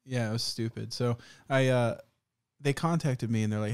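A young man spins loose stories on a podcast and laughs his way through them, swearing as he goes. His voice sits at a middle pitch and sounds close and dry. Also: steady tone, moderate pace, clear, resonant tone, no room sound. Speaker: podcast co-host. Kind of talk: casual chat.

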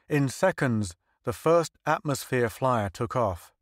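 A man reading a science fiction story aloud as an audiobook narrator, in steady, measured storytelling. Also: medium pitch, no echo, clean studio sound. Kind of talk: scripted narration.

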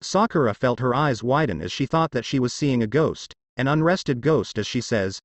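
Guy narrating fanfic, bouncy pitch, dry close mic. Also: lively intonation, normal speed, hardly any pauses, dry recording. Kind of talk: reading fan fiction aloud.

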